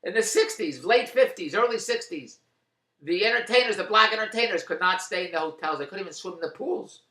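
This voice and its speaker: A man's voice: sits high, lively intonation, fairly quick, pushed and bright, reverberant. A man delivering a rambling, indignant opinion monologue, repeating himself. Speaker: commentator.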